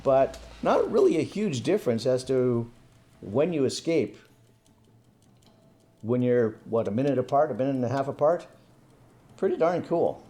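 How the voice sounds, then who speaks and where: A young man giving relaxed, casual commentary over his own gameplay, thinking aloud as he plays. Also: mid-range voice, normal speed, pauses often. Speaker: gaming commentator.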